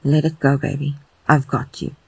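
A narrator voicing an affectionate adult man who speaks in a low, intimate, unhurried way. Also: completely flat delivery, gravelly, husky, no echo, heavily acted, rough recording. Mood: tender, coaxing.

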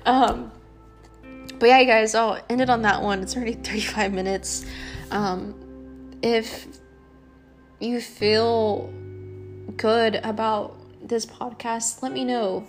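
A young woman hosting her own podcast, talking earnestly and rambling a little, with frequent ums and soft laughs. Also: on the high side, fairly even intonation, takes it slowly, long pauses, faint music behind. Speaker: podcast host. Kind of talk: casual solo podcast talk.

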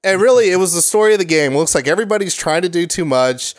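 Male podcast co-host, 30s, slightly high voice, dry close mic, animated and profane. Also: fast, no echo. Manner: animated, swears, acts out quotes. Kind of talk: casual sports chat.

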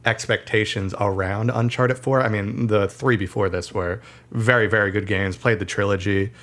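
A man with a somewhat low voice hosts a relaxed gaming podcast with two friends. He keeps the talk upbeat and reads the segment introductions in an announcer-like way. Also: normal speed. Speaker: podcast host. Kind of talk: casual gaming podcast chat.

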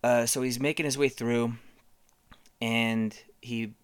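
A comedian telling a rambling, profane improvised story in a deadpan way. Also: medium pitch, slow pace, smooth, no echo.

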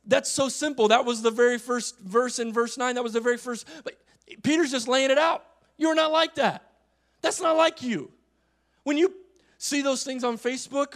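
A male pastor delivering a sermon, emphatic, repeating phrases and swinging between loud passages and quiet asides. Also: very high-pitched. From United States.

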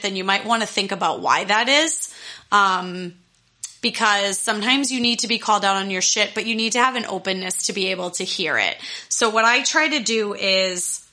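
A young adult woman who works as a life coach chats casually with her listeners in a solo talk. Her medium-pitched voice is bright and forceful, and she's candid and fired-up, cursing freely as she hands out advice.

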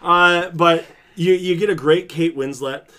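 A man's voice: fairly high pitch, steady tone, sharp tone. A man co-hosting a casual podcast chat, enthusiastic and jokey as he raves about a movie. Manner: enthusiastic, jokey, quick to laugh. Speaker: podcast co-host.

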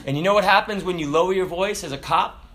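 A man preaching a sermon in an animated way, swinging from loud exclamations to hushed asides. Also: high-pitched, fast, slight background noise.

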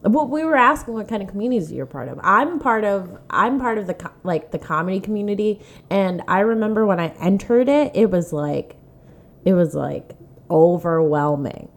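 A woman's voice: medium pitch, animated, moderate pace. A woman hosting a casual podcast chat, talking in a chatty way full of "like" as she recounts stories. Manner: chatty, lots of "like", acts out quoted exchanges. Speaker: podcast host, comedy club manager.

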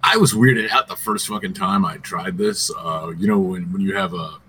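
Lower-voiced man rambling casually. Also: moderate pace, bright, forceful tone, a little hiss or hum. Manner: rambling, self-interrupting, swears casually. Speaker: podcast co-host. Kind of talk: casual chat.

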